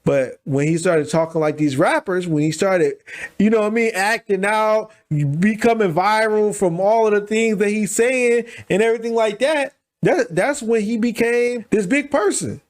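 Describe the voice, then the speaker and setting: A high-voiced man hosts a reaction video and talks through a clip in casual, slangy commentary. He quickly agrees with the point and repeats it in his own words. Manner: fast, agreeing, restating the guest's point with slang. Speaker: reaction channel host.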